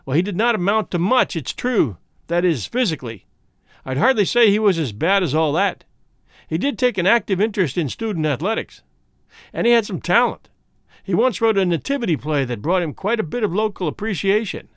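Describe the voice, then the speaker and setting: A man doing a lazily calm, ironic gentleman. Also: high voice, a little fast, no room sound, studio quality. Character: calm, languid, quietly menacing man.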